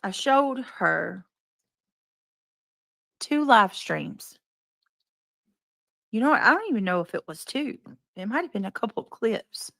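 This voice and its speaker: Woman streamer, gravelly, dry close mic, chatty. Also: fairly high pitch, very animated, measured pace, pauses often, bright, forceful tone, dry recording. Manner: chatty, greets viewers by name. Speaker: live stream host. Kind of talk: casual live stream chat.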